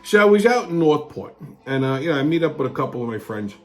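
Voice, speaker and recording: Loud, crude, high-voiced ranting man. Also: sing-song, fast, soft background music. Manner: loud, crude, angry ranting, often shouting. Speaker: host of a weekly wrap-up show. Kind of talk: profane rant and casual show segments.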